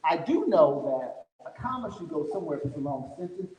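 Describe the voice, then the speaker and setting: A fairly high-voiced man gives a folksy motivational talk to a live crowd. His voice rings through a large hall with a long, roomy reverb. He tells his story as if chatting with the room. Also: very animated, brisk, darkish tone. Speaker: conference speaker.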